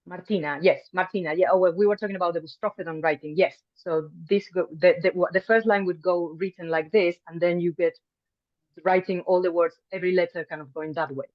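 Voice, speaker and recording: A woman's voice: on the low side, fairly even intonation, brisk, no echo. A woman teaching an online language class in a friendly, chatty way, full of ums and restarts. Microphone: video call mic. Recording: dull, dry video call audio.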